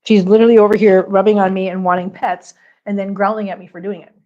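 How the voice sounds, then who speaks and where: A woman's voice: medium pitch, level tone, fast talker, muffled recording. A woman hosting a casual livestream chat from home, talking to viewers and cooing baby talk to her cat, laughing often. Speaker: cat channel host. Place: home, on the floor.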